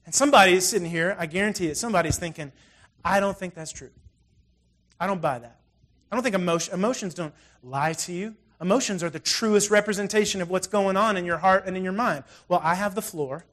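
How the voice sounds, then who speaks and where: A middle-aged man preaches from the front of a church, casual and animated, with plenty of asides and stories. His speaking voice sits high for a man. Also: fast talker, hardly any pauses. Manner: conversational, animated storytelling with frequent asides. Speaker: pastor. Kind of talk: sermon.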